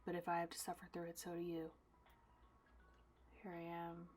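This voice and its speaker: A young woman artist chatting casually while she packs her own orders, dramatic and self-mocking, swinging between loud bursts and soft asides. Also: on the low side, monotone, normal speed, breathy edge, soft background music. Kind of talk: casual vlog chat.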